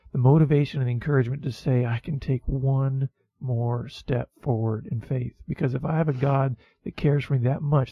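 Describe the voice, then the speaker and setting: A man's voice: medium pitch, breathy edge, no room sound, highs cut off. A man co-hosting a Christian talk show, speaking to listeners in a heartfelt, encouraging way. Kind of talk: faith-based conversation.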